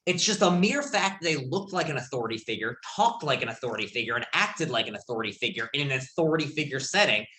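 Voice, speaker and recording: A man's voice: medium pitch, lively intonation, quick pace, few pauses, sharp tone. A man lecturing a college class in a casual, storytelling way, with lots of fillers. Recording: echoey classroom.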